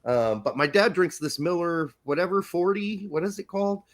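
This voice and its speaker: A man's voice: high-pitched, normal speed. A man from the United States co-hosting a podcast, talking loosely and profanely, joking through casual soccer banter. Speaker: podcast co-host.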